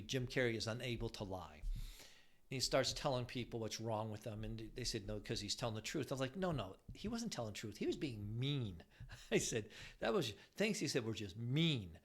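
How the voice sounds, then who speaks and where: An older man talks through relationship advice in a loose, rambling way, often restarting his sentences. His voice moves lively up and down in pitch, settled in the middle of a man's range. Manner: rambling, frequent restarts, animated. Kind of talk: casual advice talk.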